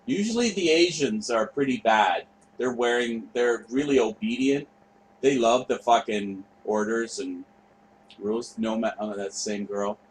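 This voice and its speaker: A man's voice: mid-range voice, a little slow, a little hiss or hum, rough recording. Offhand, foul-mouthed male host. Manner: rambling, profane, offhand. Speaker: show host. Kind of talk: casual commentary over footage.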